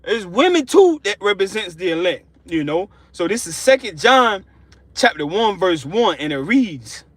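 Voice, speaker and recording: A man preaching an informal sermon, fervent and emotional, repeating himself and slowing down to read scripture aloud. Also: high-pitched, big pitch swings, fairly bright tone, no room sound. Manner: emotional, fervent, repetitive, slows down reading scripture. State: excited and sweating.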